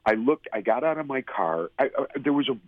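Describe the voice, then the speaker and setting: A middle-aged man, a radio personality, telling a personal faith story in a halting, heartfelt way. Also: mid-range voice, animated, dry recording, narrow, tinny audio. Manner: halting storytelling with restarts, emotional. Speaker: guest, former radio host. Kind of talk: personal testimony in an interview.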